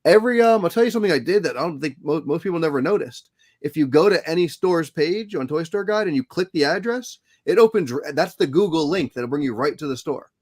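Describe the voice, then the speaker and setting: A man's voice: on the high side, animated, fast, darkish tone. A man guest on a casual podcast chat, easygoing and a bit hesitant, with many fillers. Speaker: guest, website founder.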